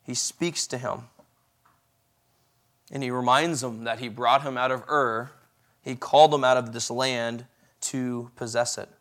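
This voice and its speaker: A man preaching an evening sermon in a conversational way, asking the listeners questions and varying his loudness and pace. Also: medium pitch, unhurried, pauses often. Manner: conversational, asks the audience questions; lively, shifting loudness and pace.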